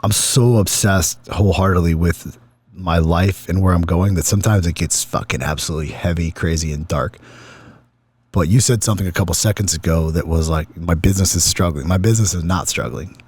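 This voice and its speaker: A man's voice: sits low, fairly quick, a little mellow, breathy edge, no echo. A middle-aged man hosting a podcast, talking candidly and emotionally and swearing often. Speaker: podcast host.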